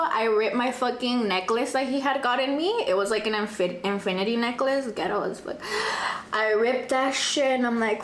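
A young woman, telling a dramatic storytime in casual chat, profane and animated, dropping in Spanish phrases. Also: fairly high pitch, moderate pace, a little hiss or hum. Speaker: vlogger. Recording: echoey room, faint ambience.

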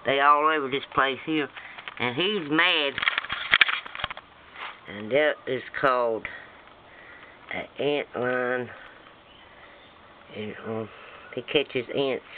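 A man rambling excitably in a casual outdoor home video, chanting a singsong rhyme as he shows off insects in the sand. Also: medium pitch, drawn-out words, long pauses. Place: outdoors on sandy ground. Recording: tinny lo-fi phone-like sound with faint noise.

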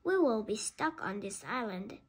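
A woman's voice: a little high, expressive, a little slow, breathy edge. A woman reading aloud the lines of an eager young boy sailor who is searching for his father. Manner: eager, calling out.

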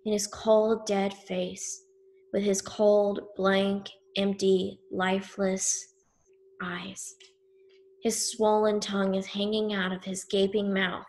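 A woman telling a story in the first person, slow and grave with weighty pauses. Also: medium pitch. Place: synagogue event.

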